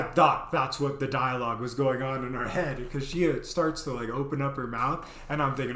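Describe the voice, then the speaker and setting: A man's voice: mid-range voice, fairly even intonation, normal speed, few pauses, pushed and bright. Rambling man telling a story, roomy echo. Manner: rambling, heavy on "you know" fillers. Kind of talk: casual storytelling.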